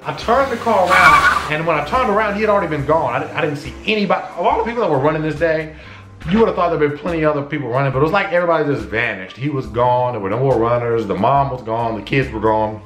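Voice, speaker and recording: A man casually telling a personal story to camera, acting out his own shouts and conversations. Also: on the high side, quick pace, reverberant, a little hiss or hum. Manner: animated, acts out his own shouts and dialogue. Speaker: vlogger.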